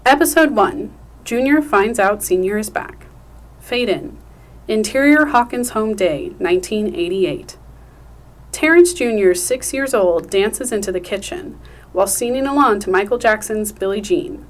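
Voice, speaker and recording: A woman hosting a podcast, chatting and reading stage directions in a friendly, clear way. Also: medium pitch, moderate pace. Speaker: podcast host.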